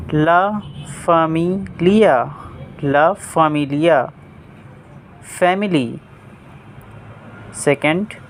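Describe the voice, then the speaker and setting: Casting: young male tutor, very slow, deliberate repeats. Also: on the high side, slight background noise. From India. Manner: repeats each word slowly and clearly. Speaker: Spanish teacher. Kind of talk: vocabulary lesson, word by word.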